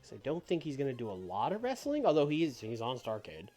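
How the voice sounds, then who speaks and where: Rambling streamer with soft music behind. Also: male voice, medium pitch, wildly swooping pitch, fast talker. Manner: rambling, many fillers. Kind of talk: casual game commentary.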